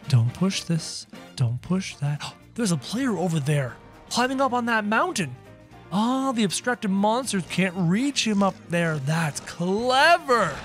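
Excitable high-voiced gaming guy. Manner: excitable, talks straight to viewers. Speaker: gaming YouTuber. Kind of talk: casual gameplay commentary.

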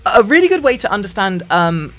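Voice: fairly quick, faint music behind. Sing-song voice-training streamer. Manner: lively, sing-song delivery with frequent restarts, dropping into deep demo voices. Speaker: gaming streamer explaining voice training. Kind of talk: casual voice-training tutorial.

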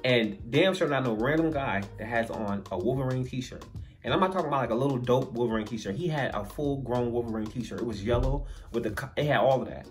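A man telling a funny story in a storytime vlog, animated and acting out the voices of the people in it. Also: mid-range voice, brisk, faint music behind.

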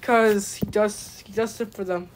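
A woman's voice: medium pitch, fairly even intonation, a little slow, noisy background. A woman hosting a puppet comedy skit, bossy and giggly as she orders the other characters around. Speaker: puppeteer host.

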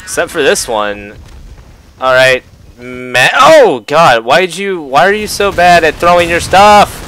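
Excitable young man with bright voice. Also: a little high, unhurried, slight background noise. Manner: excitable, yelps and laughs at the game. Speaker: gameplay youtuber. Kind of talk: gaming commentary. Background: gunfire from the game.

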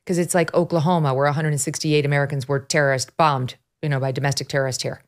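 A woman's voice: deep voice, flat delivery, quick pace. A middle-aged woman hosting a political talk podcast, sarcastic and mocking as she talks through the news. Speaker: podcast host.

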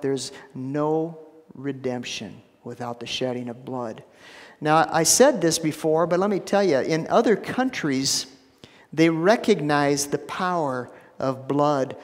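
A man preaching a sermon as pastor, emphatic, repeating phrases and dropping to a hushed low voice for stress. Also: big-room sound. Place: church sanctuary.

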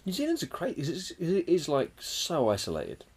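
A man's voice: on the high side, wildly swooping pitch, normal speed, darkish tone, husky. A man co-hosting a podcast, rambling through a story in casual chat and swearing freely. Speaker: podcast co-host.

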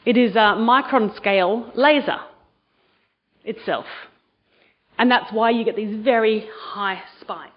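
A woman's voice: fairly high pitch, takes it slowly, pauses often, slightly rough, muffled recording. A woman giving a university science lecture to students, enthusiastic and quizzing the audience. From Australia. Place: lecture hall.

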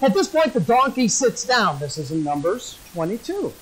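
A man's voice: sits high, very animated, moderate pace, a bit bright, husky, low-quality recording. A male pastor preaching a sermon, folksy and joking as he tells a story.

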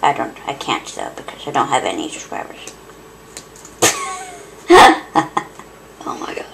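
Excitable, giggly woman playing a game. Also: a bass voice, unhurried, gravelly, heavy background noise. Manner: excitable, giggly, swears and mutters. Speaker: let's play host. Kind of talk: gameplay commentary. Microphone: cheap headset.

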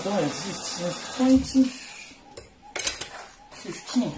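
A woman's voice: on the low side, animated, unhurried, pauses often, echoey room, noisy background. A woman with a Nigerian accent chatting casually and teasingly while doing chores in her kitchen, rambling and switching between languages. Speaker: vlogger. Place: home kitchen.

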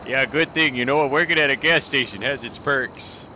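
A man's voice: medium pitch, normal speed, bright, forceful tone, a little hiss or hum, poor audio. A man voicing a folksy, easily flustered male gas station clerk in a game role-play. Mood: shaken, queasy.

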